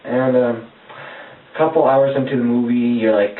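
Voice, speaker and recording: A man's voice: mid-range voice, level tone, moderate pace. A man retelling movie scenes in casual chat, rambling and jokey. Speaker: movie reviewer. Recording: echoey, distant, phone-like lo-fi sound with faint noise.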